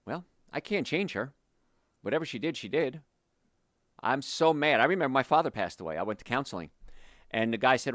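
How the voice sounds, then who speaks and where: A man's voice: medium pitch, normal speed, pauses often, no room sound, clean studio sound. A man hosting a health show, giving an emphatic, motivational talk straight to his listeners. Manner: emphatic, animated, speaks directly to listeners.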